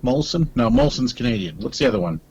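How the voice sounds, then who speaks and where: A man co-hosting a comedy podcast in casual chat, with wry, deadpan teasing. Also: medium pitch, fast talker, dull audio.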